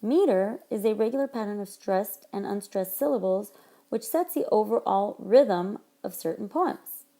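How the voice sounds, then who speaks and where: Gravelly-voiced woman teaching a lesson. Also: medium pitch, expressive, moderate pace, mellow. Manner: clear, explanatory teacher delivery. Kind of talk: recorded classroom lesson narration. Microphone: tablet microphone.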